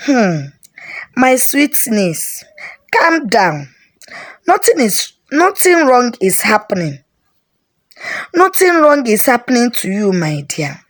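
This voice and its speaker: A kind aunt soothes her niece in a slow, calm voice, played by a woman storyteller. Her colors every word, and she speaks gently and reassuringly. The delivery stays unhurried throughout. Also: medium pitch. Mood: soothing. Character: gentle, caring middle-aged aunt.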